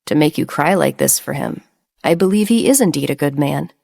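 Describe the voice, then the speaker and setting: A woman voicing a kind, timid young gentleman who speaks softly and pleasantly. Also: low voice, animated, gravelly, voice pushed down, exaggerated voice. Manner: soft, pleasant and slow.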